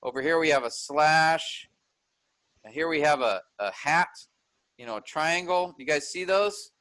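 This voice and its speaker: A man's voice: fairly high pitch, animated, a little slow, bright, forceful tone, rough recording. A man teaching an online workshop, explaining a text step by step and checking in with his listeners.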